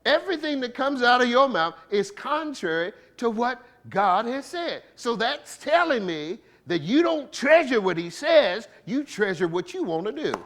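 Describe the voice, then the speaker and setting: A man's voice: very high-pitched, sing-song, moderate pace, hardly any pauses, a bit bright. A man preaching a sermon as a bishop, conversational and playful, asking the congregation rhetorical questions and laughing between points, with features.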